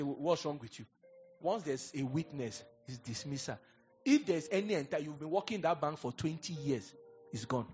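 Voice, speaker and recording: A man with a Nigerian accent preaching a sermon, telling stories and swinging from quiet asides to loud exhortation. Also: on the high side, muffled recording, a little hiss or hum. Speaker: pastor.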